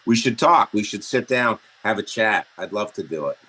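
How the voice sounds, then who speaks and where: A man guest telling crude comic stories in a deadpan way, speaking over a video call. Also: lowish voice, husky. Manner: crude deadpan jokes, animated, quick shifts into put-on voices. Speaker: comedian guest. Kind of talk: comedic rant in casual chat.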